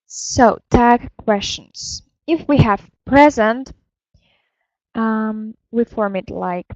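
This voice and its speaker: A woman teaches a grammar lesson at a very slow, careful pace, correcting herself as she goes. Her voice sits somewhat high. The recording is dry and slightly dull. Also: a little mellow, no room sound. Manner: slow, careful explaining with fillers and self-corrections. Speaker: language teacher.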